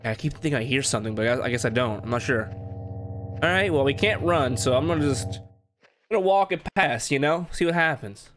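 With game music beneath him, a man narrates his horror playthrough, talking to himself and yelping whenever something jumps out. His medium-pitched voice is brisk and fairly bright.

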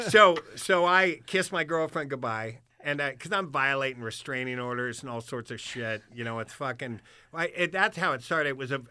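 A man's voice: medium pitch, no echo. A man telling wild stories in a casual chat, cursing freely and acting out the other people's voices. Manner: swearing, animated, acts out voices in his stories. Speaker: guest storyteller. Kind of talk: casual storytelling on a podcast.

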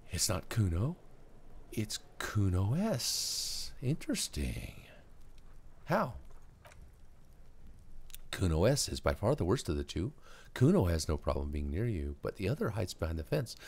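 Deep gravelly guy playing a game, reads the text out loud, lively delivery. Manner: muttering stat names while reading. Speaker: gamer. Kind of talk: reading game text aloud.

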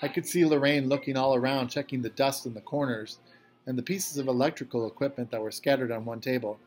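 A man's voice: medium pitch, steady tone, quick pace, a little mellow. A man, a teacher, reading a novel aloud to his class in a casual, conversational voice. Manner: casual, conversational first-person narration.

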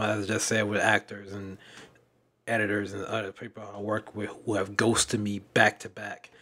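A young man with a somewhat low-pitched voice, opening up in a candid vlog. He sounds worn out and emotional, stumbling over his words, repeating himself and sighing between thoughts. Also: a bit bright. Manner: halting, repeats words, frequent sighs and restarts. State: emotional and weary. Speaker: fan dub director and content creator. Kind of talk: candid personal vlog monologue.

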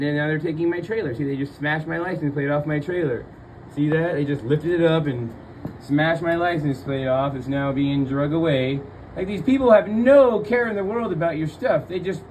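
A man's voice: a little high, moderate pace, a little mellow, slight background noise, low-quality recording. A man ranting angrily and swearing while filming outdoors at his home on a handheld phone, his voice leaping up in outrage and disbelief. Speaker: vlogger filming his vehicles being towed. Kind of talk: angry filmed rant.

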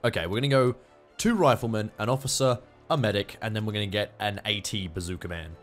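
A young Australian man giving let's-play commentary, excitable, swearing and yelping at the action on screen. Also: fairly low pitch, fast, faint music behind. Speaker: gaming YouTuber.

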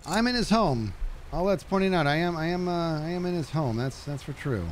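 A man's voice: fairly quick, slight background noise. A man giving chatty live commentary while playing a fishing game, reading chat and yelping when things go wrong. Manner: animated, chatty, jumps to high panicky yelps.

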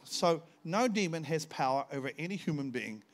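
An older man preaches to a church congregation, his voice sitting a little high for a man. He tells his stories with energy, breaking into sudden shouts as he acts out what was said. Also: normal speed. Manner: storytelling, animated, bursts into shouts when acting out scenes. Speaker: visiting pastor. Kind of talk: sermon.

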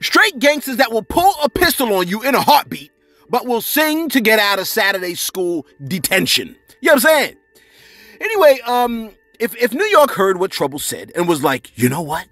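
Man, casual celebrity commentary host, lively rising pitch, keeps saying "man", light music behind. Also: moderate pace, no echo. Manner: animated, repeats "man" and "you know what I'm saying". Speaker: celebrity news channel host. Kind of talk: casual commentary with viewer shout-outs.

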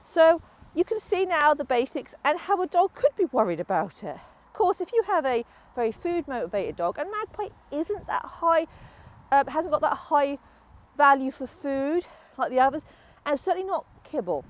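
Woman dog trainer, high animated voice, explaining outdoors with sing-song praise for the dog. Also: normal speed. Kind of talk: instructional demonstration outdoors. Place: outdoors in a field.

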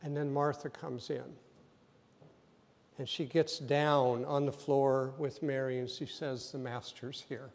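A man preaching a sermon as pastor, telling the story vividly and acting out scenes, sometimes rising to loud emphasis. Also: mid-range voice, level tone, takes it slowly, big-room sound. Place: church sanctuary.

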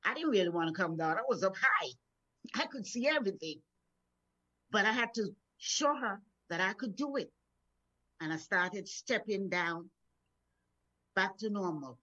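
A woman's voice: mid-range voice, sharp tone, slightly rough. A middle-aged woman minister from Florida gives a morning devotional in an encouraging, storytelling way. She often repeats words as she builds momentum. The recording sounds dull and lo-fi. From Florida, USA. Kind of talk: devotional sermon.

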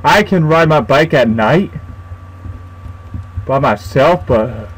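A man's voice: on the high side, lively intonation, takes it slowly, husky, rough recording. A young man commentating a horror game as he plays, frightened, swearing and talking to himself. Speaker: gaming YouTuber.

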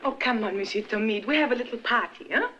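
A woman's voice: on the high side, quick pace, fairly bright tone, lightly acted. Flirty French actress, as a woman plays her. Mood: coaxing. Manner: flirtatious, coaxing, breathless. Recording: dull 1960s film soundtrack, faint hiss.

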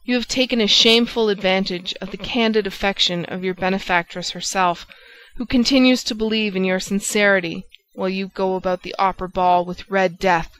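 A woman reads a jealous young nobleman whose words come out loud, raised and impassioned. He stays at a middling pitch for a man's part in a storybook reading. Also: fairly even intonation, fairly quick, few pauses, lightly acted, rough recording. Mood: angry, bitter.

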